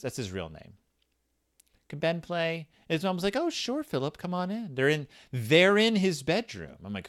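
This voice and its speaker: Male comic podcast host, past thirty, lively swooping delivery, rambling and self-deprecating. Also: medium pitch. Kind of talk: comic monologue answering questions from a children's book.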